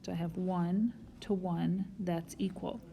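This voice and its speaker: A woman's voice: on the low side, steady tone, slow, gravelly, mellow. A woman math teacher recording a whiteboard lesson, explaining each step patiently and talking straight to her students.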